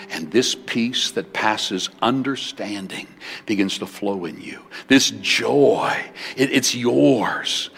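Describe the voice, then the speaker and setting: A man preaching a sermon as pastor in a large church building, switching between loud bursts and hushed words. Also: on the low side, slightly rough. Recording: long hall reverb.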